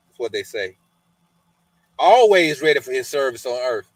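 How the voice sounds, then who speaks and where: A man reads scripture passages and then talks them over in an easy, colloquial way, often adding "man" and "you know". His voice sits at a middle pitch. The recording is dry and close. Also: lively intonation, moderate pace, fairly bright tone, dry recording, poor audio. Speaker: podcast host. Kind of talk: scripture reading with casual commentary.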